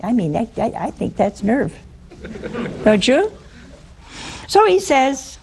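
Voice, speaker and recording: A woman's voice: mid-range voice, huge pitch swings, unhurried, creaky, long pauses, darkish tone, a little hiss or hum. A woman preaching a humorous sermon in a wry, teasing way, often putting questions to her listeners.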